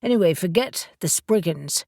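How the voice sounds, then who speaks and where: A woman narrating an audiobook voices a serious, knowledgeable male witch who explains things in a measured way. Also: on the low side, expressive, gravelly, mellow, dry recording, clean studio sound. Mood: focused. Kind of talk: audiobook character voice.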